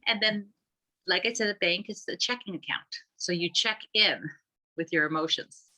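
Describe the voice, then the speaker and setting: Low voiced woman w/ a bright edge, rambling through how her app works, lots of um and like. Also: moderate pace, poor audio. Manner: rambling, many restarts and fillers. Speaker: app founder, guest. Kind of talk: conversational explanation.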